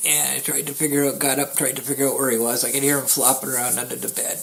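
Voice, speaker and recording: Soft-spoken grieving man, halting. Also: medium pitch, flat delivery, vocal fry, slight background noise, low-quality recording. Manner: halting and soft-spoken, with pauses, restarts and dips into near-whispers; somber, grieving tone. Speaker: YouTuber. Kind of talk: personal storytelling to camera.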